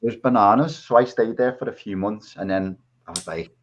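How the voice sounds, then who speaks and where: A man's voice: lowish voice, a little fast. A man with a Scouse accent, chatting casually as a podcast guest and telling his story over a video call. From England. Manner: rambling storyteller. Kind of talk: casual chat. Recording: dull lo-fi audio.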